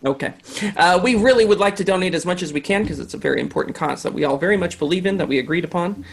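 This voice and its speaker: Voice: medium pitch, racing, gravelly, slightly rough. An improv show host joking loosely through a livestream sign-off from home, rambling a little between thanks. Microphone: home mic on a video call.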